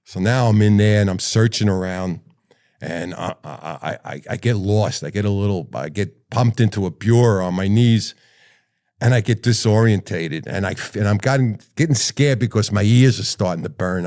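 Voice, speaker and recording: A middle-aged man, a retired firefighter, telling personal stories in an animated way and swearing freely. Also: fairly low pitch, normal speed. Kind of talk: personal storytelling.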